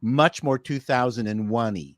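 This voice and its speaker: A man's voice: mid-range voice, moderate pace, dry recording, studio quality. A man on a live panel chat, opinionated and stammering as he makes his points.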